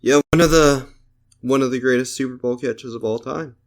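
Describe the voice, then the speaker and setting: A man's voice: mid-range voice, normal speed. A man co-hosting a casual sports podcast, laughing often and swearing casually. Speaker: podcast co-host.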